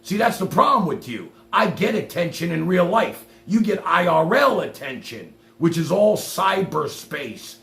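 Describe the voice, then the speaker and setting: A livestream host talks in a combative, sarcastic way, cursing freely. His voice is gravelly and swoops widely in pitch as he rants. The sound is roomy and echoey, with a faint hum underneath. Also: sing-song, unhurried, few pauses, fairly bright tone. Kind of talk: ranting livestream talk.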